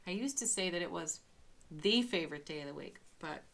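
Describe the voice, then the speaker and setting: A woman giving a daily tarot card reading, gentle and affirming, with frequent soft laughs. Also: lowish voice, lively intonation, a little fast, gravelly.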